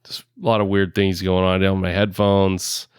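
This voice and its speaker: A man's voice: deep voice, completely flat delivery, moderate pace, smooth, no room sound, studio quality. A man co-hosting a casual podcast on a headset mic, rambling with lots of fillers and laughing often. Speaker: podcast co-host.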